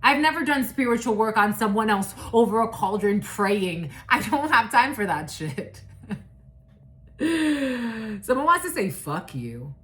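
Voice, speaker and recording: A woman's voice: a little high, lively intonation, unhurried, fairly bright tone. A woman giving a casual spiritual reading, blunt and profane, who rambles, restarts and laughs often. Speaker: psychic reader.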